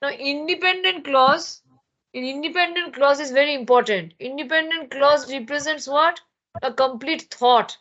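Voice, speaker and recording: A woman's voice: sits high, moderate pace, a bit bright, muffled recording. A woman from Bengal, teaching an online grammar lesson and explaining with many fillers and restarts. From Bengal, India. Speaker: spoken English teacher. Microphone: laptop microphone.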